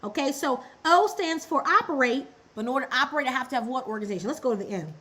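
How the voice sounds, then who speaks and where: High-voiced woman teaching on a livestream. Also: animated, fast talker, fairly bright tone, poor audio. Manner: repetitive, call-and-response with the chat. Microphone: livestream setup.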